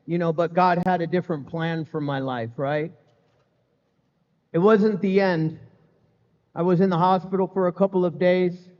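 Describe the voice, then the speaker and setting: In an event hall, a middle-aged man tells a live crowd about his recovery, joking and candid, with plenty of "man" and "you know." His fairly high voice is a little mellow, carrying a long reverb and slightly muffled sound.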